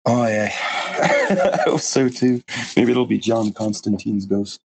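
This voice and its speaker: A man speaks in a fairly low voice, in a relaxed conversational interview. He rambles earnestly, restarting sentences and leaning on fillers. A faint hiss of noise sits under his voice. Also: moderate pace, vocal fry. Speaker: guest.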